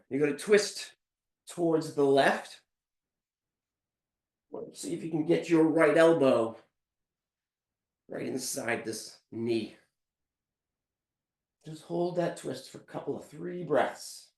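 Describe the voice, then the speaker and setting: Slow-talking, winded man leading a workout. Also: on the high side, gravelly, roomy sound. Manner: counts reps aloud, calm step-by-step cues. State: out of breath. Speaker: fitness instructor. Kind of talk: live workout class instruction.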